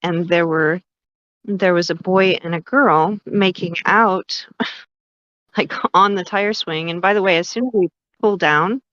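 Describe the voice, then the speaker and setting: Woman caller, slow, somewhat low voice, dry muffled audio, chatty storyteller. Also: a bit bright, no echo. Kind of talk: storytelling on a call-in show.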